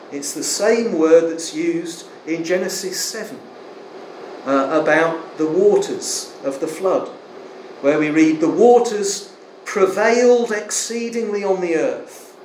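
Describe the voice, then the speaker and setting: Male preacher, emphatic and measured, a touch high, in a reverberant hall. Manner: earnest, emphatic, with slow stressed words and fillers. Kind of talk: sermon. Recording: echoey room, faint air conditioning hum.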